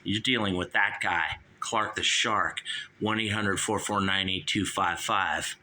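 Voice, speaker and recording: A man's voice: low voice, fairly even intonation, measured pace, pushed and bright. A man hosting a call-in show, ranting heatedly and swearing.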